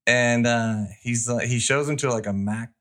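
A man's voice: mid-range voice, steady tone, normal speed, fairly bright tone. A man co-hosting a podcast, chatting casually and retelling movie scenes in a rambling way. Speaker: podcast co-host. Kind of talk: casual chat.

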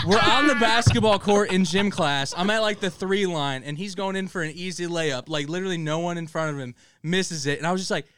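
A man co-hosting a podcast, telling a school story in animated casual chat and laughing as he goes. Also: high voice, fairly quick, hardly any pauses. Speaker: podcast co-host.

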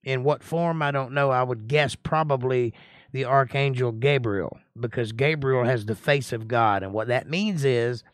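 A man's voice: mid-range voice, normal speed, no room sound, clean studio sound. Folksy man teaching a casual Bible study. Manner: folksy, chatty, greets viewers by name; reads scripture aloud and comments on it.

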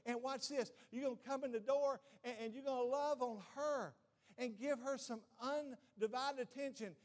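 A man's voice: extremely high pitch, fairly even intonation, moderate pace. A middle-aged male pastor preaching a sermon with emphasis, often saying "watch this" and putting questions to the congregation.

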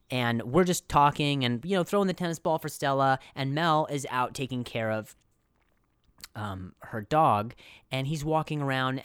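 A man's voice: mid-range voice, smooth, no room sound, clean studio sound. A young adult man hosting a casual comedy podcast, rambling through a story with lots of jokes, asides and restarts. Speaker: podcast host.

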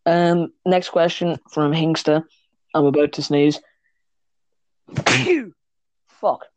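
A man's voice: on the high side, level tone, a little slow, darkish tone. A man co-hosting a casual podcast, talking fight sports, swearing and laughing often. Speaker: podcast co-host. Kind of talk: casual chat.

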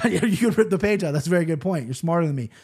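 A man's voice: a little high, expressive, quick pace, darkish tone, breathy edge. A man hosting a podcast, talking fight picks in a loose, joking way and swearing casually. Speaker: podcast host.

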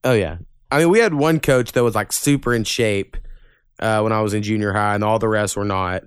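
A man hosting a casual podcast, spinning rambling, profanity-laced stories. His voice is smooth and clear, and the recording is close and dry with no room sound. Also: lowish voice, a little fast, no room sound. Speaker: podcast host. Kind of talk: casual chat.

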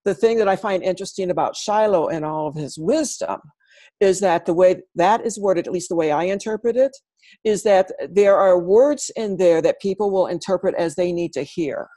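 A woman, a guest animal communicator, telling stories in a casual interview and growing animated when quoting. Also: fairly low pitch, normal speed, dry recording.

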